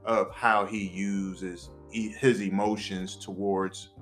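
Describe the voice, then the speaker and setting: A man's voice: deep voice, flat delivery, slow, a bit bright, faint music behind. A young man co-hosting a podcast, talking bluntly and sarcastically with plenty of swearing in a candid casual chat. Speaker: podcast co-host.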